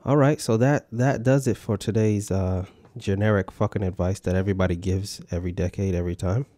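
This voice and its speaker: Man, podcast host, very low voice, warm dark tone, dry sound, sarcastic, swearing. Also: steady tone, brisk, dry recording. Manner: sarcastic, swears constantly, mocks the clip. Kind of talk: profane comedic commentary.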